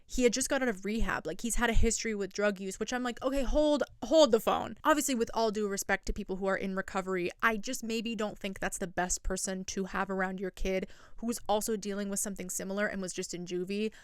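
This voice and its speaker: A woman's voice: mid-range voice, fairly even intonation, fast, few pauses, clear, resonant tone, no room sound, studio quality. Chatty sarcastic young woman. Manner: chatty and sarcastic, quotes people in mock voices. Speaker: recap vlogger. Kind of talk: casual recap commentary.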